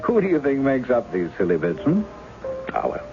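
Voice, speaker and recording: A man's voice: mid-range voice, wildly swooping pitch, normal speed, creaky. An actor in his forties playing a charming, self-mocking novelist posing as someone else in an old radio drama, teasing and wry, with a dull lo-fi broadcast sound and music behind. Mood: playful. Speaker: impostor posing as a woman's husband. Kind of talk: 1970s radio drama acting.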